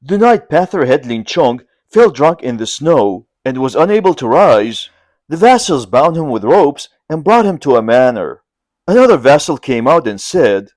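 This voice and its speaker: A man narrating a classic novel as an audiobook, in measured storytelling. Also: dry recording. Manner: measured storytelling, lively in pitch.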